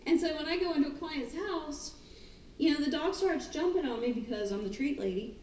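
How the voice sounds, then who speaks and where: Animated woman dog trainer, high voice, echoey room, mic set back. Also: fairly quick, slight background noise. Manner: animated, acts out excited calls and the dogs' thoughts. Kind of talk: casual talk on dog training. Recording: roomy, distant mic, faint ambience.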